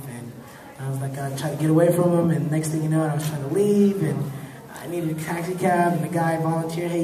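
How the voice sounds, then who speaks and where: At a fan convention panel, an actor in his thirties with a voice on the high side casually tells stories about his acting work. He's laid-back and laughs often, getting animated when acting out the voices of the people he quotes. The hall is echoey, with a distant mic and crowd noise.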